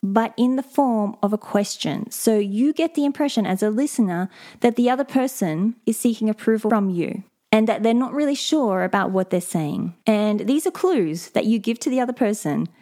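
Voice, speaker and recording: A woman hosting a solo advice podcast, explaining speaking skills in a clear, measured and instructive way. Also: mid-range voice, warm tone. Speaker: podcast host and voice coach.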